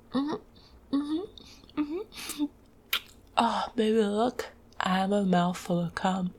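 A woman voicing a needy, teasing female succubus in a whispered role-play, with a breathy, coaxing whisper and soft moans. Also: mid-range voice, slight background noise.

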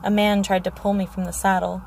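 A woman reading the part of a frightened young noble girl, speaking in a shaken, halting way. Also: mid-range voice, flat delivery, gravelly, a little mellow, slight background noise, natural voice.

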